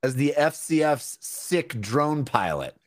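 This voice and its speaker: A man's voice: a little high, big pitch swings, takes it slowly. A man co-hosting a comedic panel chat who is playful and laughs through his punchlines. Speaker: show co-host.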